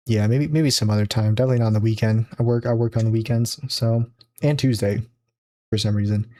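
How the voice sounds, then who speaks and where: A man's voice: lowish voice, fairly even intonation, fast, dark tone. Rambling, chuckling podcast co-host man. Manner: rambling, restarts often, laughs at his own jokes. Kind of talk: casual chat.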